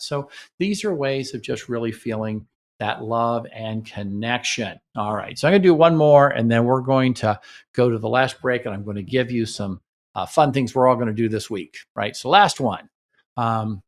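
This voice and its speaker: A man's voice: mid-range voice, moderate pace. A man hosting a relationship radio show, explaining communication habits in a casual coaching way and often checking in with "right?". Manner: coaching, acts out partner dialogue, asks "right?". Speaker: radio host and relationship counselor. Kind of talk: casual teaching talk on radio.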